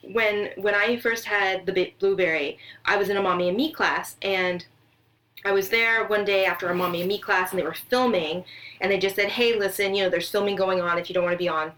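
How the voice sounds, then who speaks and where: A woman's voice: medium pitch, fairly quick, rough recording. Chatty woman podcast co-host. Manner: chatty storyteller, animated quoted voices. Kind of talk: casual chat.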